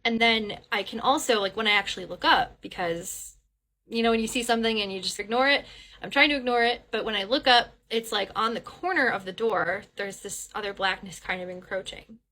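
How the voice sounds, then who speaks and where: A woman recounts a haunting in a loose, conversational way, her voice bright and clear. She stumbles and restarts, then plays out her own lines and others' in quotes. At the frightening moments she lets a swear word slip. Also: mid-range voice, fairly quick. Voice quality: animated retelling with quoted dialogue. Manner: rambling with frequent restarts and fillers; swears when telling the scary part. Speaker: guest storyteller. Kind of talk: casual first-person ghost story.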